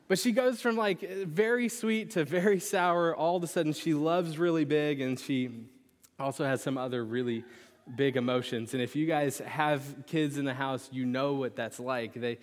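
A young man preaching a sermon, telling a lively personal story with animated pitch swings before turning to scripture. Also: normal speed. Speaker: pastor. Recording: long reverb of a large hall.

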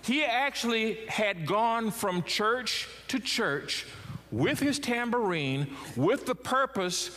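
A middle-aged man delivers a sermon from the pulpit, his voice sitting a little high for a man. He swings his pitch and volume freely as he preaches. The recording carries the long reverb of a church sanctuary. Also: lively intonation, takes it slowly, pushed and bright. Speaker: pastor.

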